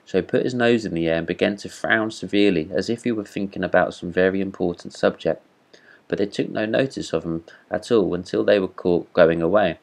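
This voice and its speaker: A man reading a classic fairy tale aloud as a storyteller, in steady read-aloud narration. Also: sits low, fairly quick, creaky.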